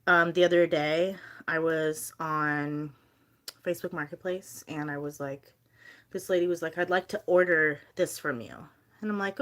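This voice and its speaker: A young woman chatting casually on a live stream while she packs bracelet orders. She talks in a chatty, animated way and fills her stories with "like" and quoted dialogue. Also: low voice. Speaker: livestreamer selling handmade bracelets.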